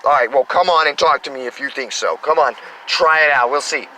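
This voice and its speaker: Bright-voiced man rambling outdoors. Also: mid-range voice, brisk, a little hiss or hum, poor audio. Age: 30s. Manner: enthusiastic, meandering, spiritual self-talk. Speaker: spiritual vlogger. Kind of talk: rambling casual monologue.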